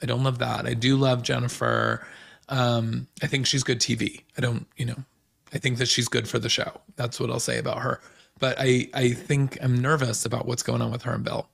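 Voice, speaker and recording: Male podcast host, gravelly mid-pitched voice, chatty gossip recap full of fillers. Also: flat delivery, moderate pace, a bit bright. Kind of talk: casual recap chat.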